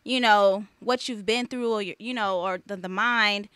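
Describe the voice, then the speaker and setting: A woman's voice: mid-range voice, fairly even intonation, moderate pace, a bit bright, smooth, dry recording. A woman hosting a talk radio show, telling personal stories candidly in a casual chat. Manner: candid, emotional personal storytelling. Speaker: host. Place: studio.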